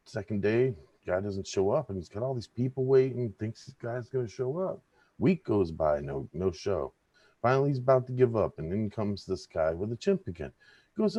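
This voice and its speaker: A man's voice: mid-range voice, normal speed, mellow, dry recording. A man, a guest on a casual podcast, telling a long joke in a tired, laid-back way and laughing often. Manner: laid-back storyteller, voices characters in jokes, laughs often.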